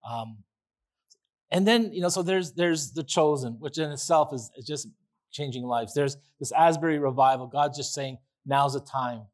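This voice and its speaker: A pastor preaching a sermon in a chatty, enthusiastic way, with restarts and asides. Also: male voice, fairly high pitch, moderate pace, darkish tone. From Canada. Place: church.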